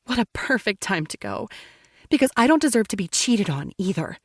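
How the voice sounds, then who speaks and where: A woman narrates a first-person romance audiobook with a dramatic, intense reading. Her voice sits in a middle pitch. The recording is close and dry. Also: very animated, a little fast, husky, dry recording.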